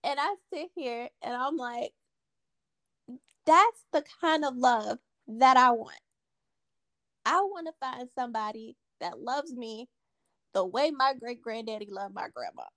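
Woman, podcast host, earnest and emphatic, unhurried delivery, dry close sound. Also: on the high side, animated, fairly bright tone, no room sound. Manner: earnest, emphatic, repeats key phrases for stress. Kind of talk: casual podcast conversation.

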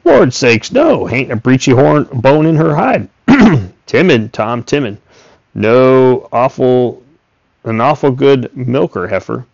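A man's voice: mid-range voice, sing-song, takes it slowly, gravelly, darkish tone, no room sound, pitched above the performer's own voice, heavily acted. A man voicing a talkative old male farmer and horse trader who coaxes in a folksy rural drawl. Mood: coaxing. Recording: dull, dry recording.

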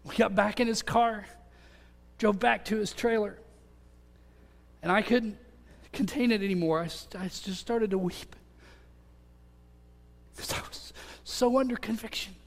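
Man, preacher, very high voice, earnest testimony, loud to hushed, large church, long reverb. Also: a little slow, creaky, pauses often. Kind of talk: sermon testimony.

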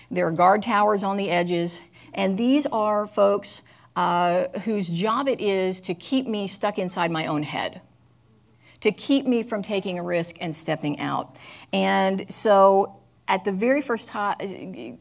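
Earnest woman speaking candidly. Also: medium pitch. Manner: confessional, earnest, halting with fillers. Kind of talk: candid personal talk.

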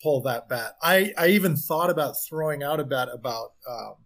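A man guesting on a casual podcast, halting and dryly boastful. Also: on the high side, lively intonation, fairly bright tone.

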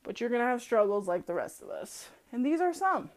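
A woman's voice: fairly high pitch, brisk. Foul-mouthed woman ranting on a podcast. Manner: blunt, swearing, laughs often; mocking, animated storytelling. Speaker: podcast host. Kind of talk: profane solo podcast rant.

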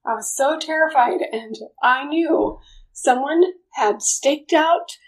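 A middle-aged woman with a high, light voice tells a personal story. She talks with strong emotion and leaps into loud, high-pitched outbursts at the tense points. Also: takes it slowly. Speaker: speaker sharing a personal story. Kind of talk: personal testimony talk.

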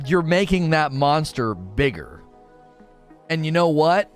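On a gaming talk show, a man rants to his co-hosts with opinionated, exasperated emphasis. His voice sits a little high and swings widely in pitch at a slow pace, with faint music behind.

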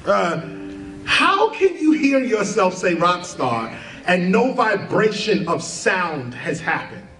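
A man hosting a podcast, leading listeners through a spiritual exercise in an earnest, animated way and laughing at his own asides. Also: sits high, slow pace, roomy sound, far from the mic, faint music behind, low-quality recording. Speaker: podcast host. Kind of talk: spiritual talk with guided exercise.

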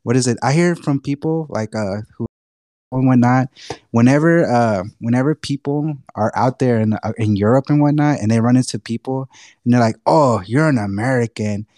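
A man's voice: medium pitch, moderate pace, warm tone, dry recording. A man from Texas with a Texan accent, co-hosting a podcast in a laid-back, rambling way with lots of fillers. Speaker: podcast co-host. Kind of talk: casual chat.

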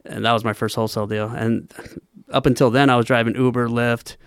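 A man speaking as a podcast guest, retelling his first deal in a steady, plain way. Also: mid-range voice, brisk, smooth, no echo, studio quality. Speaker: guest, real estate entrepreneur. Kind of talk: casual podcast interview.

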